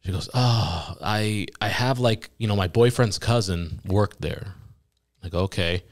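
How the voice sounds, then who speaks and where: A young man with a fairly low voice tells a long workplace story in a relaxed podcast chat. He acts out the lines of the other people in it and laughs now and then. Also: moderate pace. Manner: animated storyteller quoting voices, laughing at his own story. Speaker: podcast guest. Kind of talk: casual storytelling.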